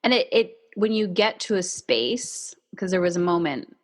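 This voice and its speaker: A woman's voice: fairly low pitch, lively intonation, normal speed. Open, conversational woman podcast host. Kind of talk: casual podcast interview.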